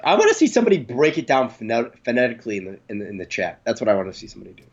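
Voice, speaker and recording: A man's voice: mid-range voice, big pitch swings, racing, slightly rough, highs cut off. A man co-hosting a sports stream in casual chat, laughing often and stammering. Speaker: co-host.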